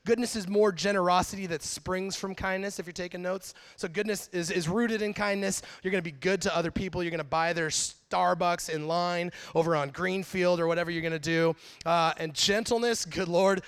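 High-voiced animated male pastor. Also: a little fast, few pauses, clean tone. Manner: animated storytelling, acts out quotes. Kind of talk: sermon. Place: church sanctuary. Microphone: handheld or headset mic.

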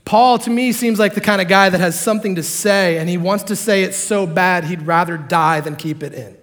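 A man preaching a sermon to a congregation, animated and joking, acting out the characters in the story. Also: high voice, normal speed. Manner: animated, acts out quotes, jokes with the congregation. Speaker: pastor.

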